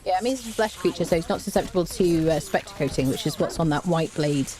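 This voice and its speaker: A woman's voice: on the low side, quick pace, dark tone. A woman giving casual, wry commentary while playing a game and chatting to her cat. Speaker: gaming streamer.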